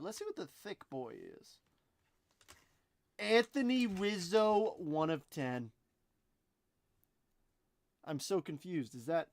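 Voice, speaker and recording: A young man with a voice on the high side hosts a live card break. His commentary is chatty and excitable, and he addresses viewers by name.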